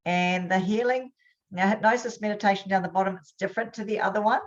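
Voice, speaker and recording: A woman's voice: mid-range voice, fairly even intonation. A woman hosting a webinar as a hypnosis trainer, talking in an upbeat, chatty way. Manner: upbeat, chatty, quick bursts. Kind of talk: casual webinar talk. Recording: dull lo-fi webinar audio.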